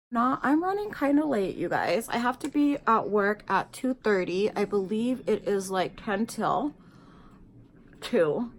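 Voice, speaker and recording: A woman's voice: medium pitch, slight background noise. A woman vlogger chatting casually while doing makeup, telling a story animatedly and saying "like" and "you guys" a lot. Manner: animated storyteller, acts out quoted people; filler-heavy, says "like" and "you guys".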